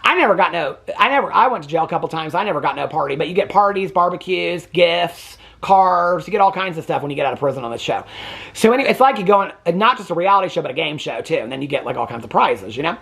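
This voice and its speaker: A man's voice: a little high, expressive, quick pace, gravelly, fairly bright tone. Sassy, chatty man recapping reality TV. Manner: addresses viewers with repeated "okay?". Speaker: reality TV reaction host. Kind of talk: casual reaction commentary. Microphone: camera on a tripod.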